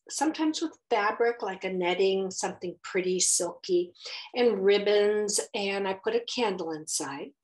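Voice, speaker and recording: A middle-aged woman telling a story to children, animated and expressive, acting out the voices. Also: mid-range voice, low-quality recording. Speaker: children's story time host.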